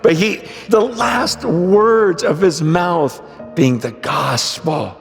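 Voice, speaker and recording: Male preacher, high voice, unhurried, hushed-to-shouted delivery, long hall echo with soft music underneath. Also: creaky. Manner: dramatic swings from hushed to shouted. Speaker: pastor. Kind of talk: sermon storytelling.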